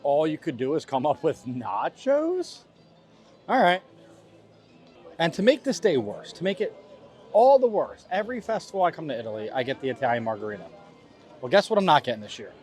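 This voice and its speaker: A man's voice: fairly high pitch, wildly swooping pitch, fairly quick, long pauses, a little mellow, breathy edge, soft background music. A young man hosting a casual food review vlog outdoors at a festival, complaining in a playful, dramatic way. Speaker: vlog host. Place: outdoors at a theme park festival.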